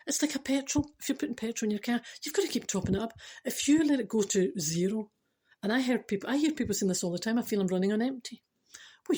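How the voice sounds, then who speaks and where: A woman's voice: medium pitch, darkish tone, breathy edge. A woman from Scotland with a Scottish accent, giving a chatty spiritual talk to her viewers, emphatic and self-mocking with dry humour. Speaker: spiritual vlogger.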